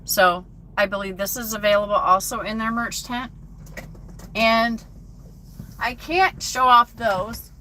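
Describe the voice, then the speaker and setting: A woman's voice: on the high side, pushed and bright, a little hiss or hum. A woman truck driver chatting casually on a phone live stream from her cab at a truck stop, reading viewer comments aloud.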